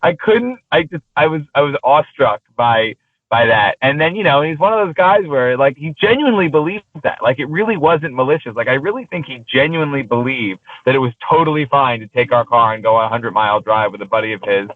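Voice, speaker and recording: A man's voice: medium pitch, fairly quick, no room sound. Man telling stories over a tinny phone line. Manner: rambling, heavy on fillers and restarts. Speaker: interview guest, exotic car rental business owner. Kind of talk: casual anecdotal storytelling.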